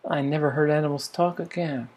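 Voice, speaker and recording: An older man, a spiritual teacher, speaks in a higher voice with fairly even intonation and a slightly fast pace. His reflective storytelling meanders and muses, with frequent sentence restarts and soft laughs.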